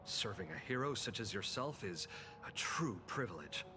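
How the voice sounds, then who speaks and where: An actor playing a polite, formal male escort in a game, speaking with measured courtesy. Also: on the low side, big pitch swings. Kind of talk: game voice acting. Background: game music.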